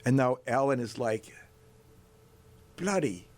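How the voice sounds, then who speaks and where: A man in his sixties from North Dakota, a bass player telling a long story as a guest, animated and chuckling as he goes. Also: brisk. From North Dakota, USA. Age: 60s. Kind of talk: storytelling anecdote in a chat.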